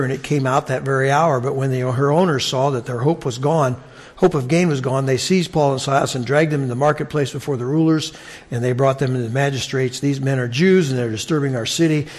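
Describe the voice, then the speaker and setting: Conversational male Bible teacher, medium pitch, casual explanatory tone with frequent asides.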